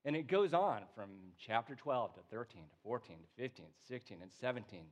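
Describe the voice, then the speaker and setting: Man preaching a relaxed sermon. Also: mid-range voice. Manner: relaxed, joking asides, slows for emphasis. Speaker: pastor.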